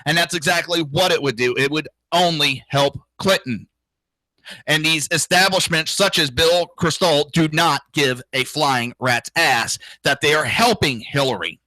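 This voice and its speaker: This is solo ranting commentary from a man who hosts a political talk show, full of profanity, indignation and mocking imitations of others. He speaks a little slowly in a sharp, fairly high voice, and the recording is rough but echo-free.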